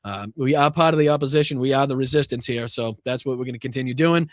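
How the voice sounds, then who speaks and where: A man's voice: mid-range voice, fast talker, dry recording, clean studio sound. A man hosting a political livestream, signing off casually with blunt, profane talk and lots of uh and um. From Boston, USA. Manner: blunt and profane, with many fillers. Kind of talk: casual sign-off to a live audience.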